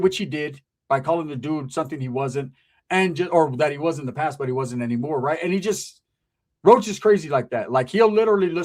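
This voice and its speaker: Fast-talking husky-voiced male storyteller. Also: a little high. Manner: rambling, profane, laughs at own story. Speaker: storyteller on a talk show. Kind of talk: casual storytelling.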